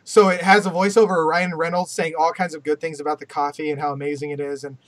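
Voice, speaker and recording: Male podcast host, mid-high voice, loose, jokey, profane chatter. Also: little pitch movement, quick pace. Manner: laughing, profane, joking. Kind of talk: casual chat.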